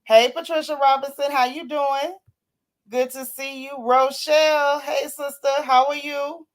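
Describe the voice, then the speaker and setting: A woman's voice: sits high, fairly even intonation, a little slow. A sick, worn-out woman hosting a casual livestream, greeting her viewers by name in a folksy, teasing way and calling them sis and child. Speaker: livestream host.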